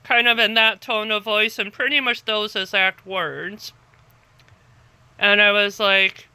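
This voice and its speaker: A woman telling a story to the camera in a calm, rambling way that circles back and repeats itself. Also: mid-range voice, slow, clean tone, no room sound. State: tired, half asleep. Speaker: vlogger.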